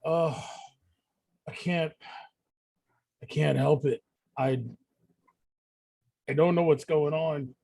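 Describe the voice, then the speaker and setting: A man voicing a sleepless man cursed by a demon, speaking in a halting, stammering way. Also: a little high, steady tone, creaky, warm tone, heavily acted. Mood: haunted.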